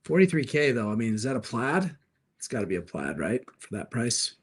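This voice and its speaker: A man's voice: mid-range voice, very animated, husky. Upbeat man hosting a live sales stream. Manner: upbeat, jokey, quick replies to chat. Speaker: livestream host and car dealer. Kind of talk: live stream chat answering viewers.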